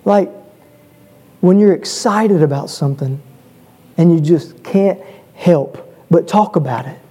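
High, mellow-voiced preacher man. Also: takes it slowly, slightly rough. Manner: earnest, rising to emphatic peaks; repeats words when stressing a point. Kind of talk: sermon.

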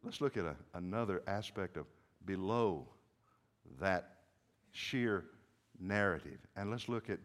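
A man preaching a dramatic sermon as a story, swinging from hushed murmurs to shouts. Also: sits low, measured pace. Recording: echoey hall with long reverb.

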